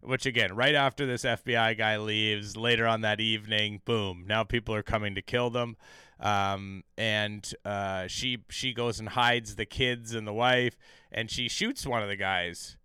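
A man's voice: lowish voice, fairly even intonation, a little slow, bright, forceful tone, smooth, no room sound, studio quality. A man co-hosting a podcast, recapping a TV episode in casual, profane chat full of fillers and restarts.

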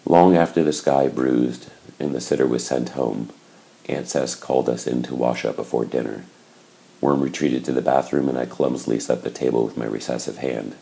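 Audiobook narrator, male, very low and gravelly, dark and measured. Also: steady tone, rough recording. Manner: measured, reflective.

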